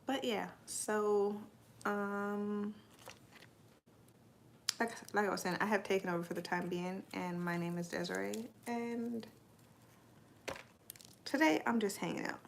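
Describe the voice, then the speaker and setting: A young woman talking casually on a live stream, pausing often to read and answer comments from her viewers. Her voice sits at an ordinary middle pitch, and her talk wanders with fillers and asides. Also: steady tone, creaky, slight background noise. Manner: chatty, rambling, answers chat comments.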